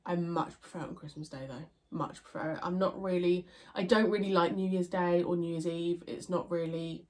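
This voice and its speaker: Fairly quick and fairly even in intonation, a young woman's fairly low voice comes through stuffy and nasal from congestion. She rambles casually through viewer questions, with many fillers and restarts.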